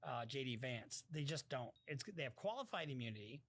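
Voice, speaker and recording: A man's voice: mid-range voice, expressive, fairly quick. A man giving casual live-stream commentary and reading out viewer messages, blunt and swearing freely, often stopping and restarting his sentences.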